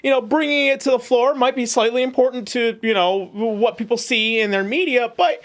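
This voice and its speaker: A man ranting in a comedic commentary video, crude and sarcastic, with frequent swearing and halting restarts. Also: very high voice, a bit bright. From United States. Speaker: YouTube commentator.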